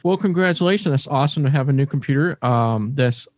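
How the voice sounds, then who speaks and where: A man's voice: mid-range voice, lively intonation, fast, dry recording, studio quality. A man hosting a podcast in a casual, playful way, chatting and joking with his co-hosts. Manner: playful, jokes around with co-hosts. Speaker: podcast host.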